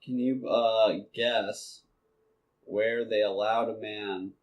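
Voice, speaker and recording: A man's voice: lowish voice, fairly even intonation, slow pace. A man co-hosting a casual podcast chat, teasing and joking with his friends. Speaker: podcast co-host.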